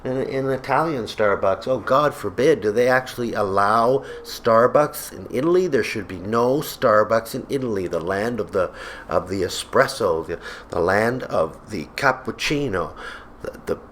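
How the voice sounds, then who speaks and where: A man's voice: lowish voice, lively intonation, normal speed, a bit bright, a little hiss or hum. A man delivering a comedic, exasperated rant to camera as a vlogger, sarcastic throughout. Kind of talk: comedic ranting monologue. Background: faint background music.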